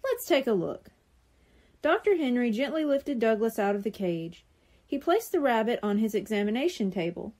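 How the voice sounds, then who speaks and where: A woman reads a children's chapter book aloud for a library. Her mellow voice sits fairly high and moves expressively. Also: moderate pace. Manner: expressive, clear storytelling. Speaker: library storyteller.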